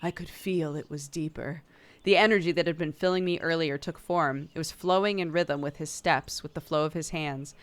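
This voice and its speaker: A woman's voice: low voice, steady tone, normal speed. A young woman streamer reading a narrative game aloud, breaking off for playful, laughing asides.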